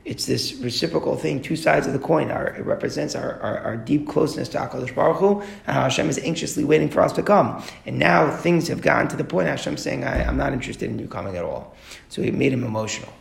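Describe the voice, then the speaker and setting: A man giving a Talmud class to a group, explaining a text line by line and posing rhetorical questions in a quick, earnest delivery. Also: on the high side, gravelly. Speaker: Torah teacher. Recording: echoey room.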